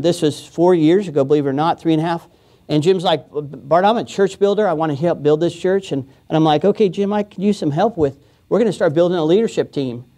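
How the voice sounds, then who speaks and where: A man's voice: a little high, dark tone. A man preaching a sermon as pastor, in a casual, joking way, often chuckling and acting out quoted voices. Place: church.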